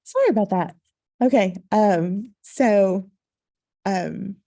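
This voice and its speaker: A woman's voice: mid-range voice, slow pace, gravelly, long pauses, mellow. A woman teacher explaining to parents, patient and instructive, with frequent ums. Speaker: second-grade teacher.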